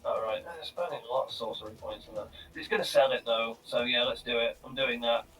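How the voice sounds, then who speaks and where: A man playing a tabletop game, thinking aloud in a halting, casual way. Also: medium pitch, fairly bright tone. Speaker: player. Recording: distant mic with faint music.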